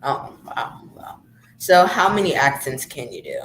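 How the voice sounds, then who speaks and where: A man's voice: mid-range voice, huge pitch swings, a little slow, a bit bright, a little hiss or hum, rough recording. A man hosting a casual interview, asking brief, curious questions and reacting to the answers. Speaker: interview host.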